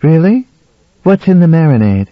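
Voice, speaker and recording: Man doing a high, gushing dinner guest woman. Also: sing-song, normal speed, dry recording. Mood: eager. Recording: dull dry audiobook recording.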